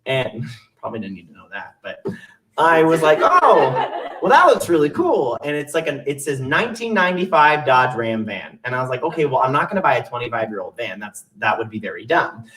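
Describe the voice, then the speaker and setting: A man's voice: medium pitch, big pitch swings, a little fast, a bit bright, far from the mic. A young man telling a funny personal story on stage in a chatty, self-mocking way. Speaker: solo stage performer. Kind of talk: storytelling monologue with songs.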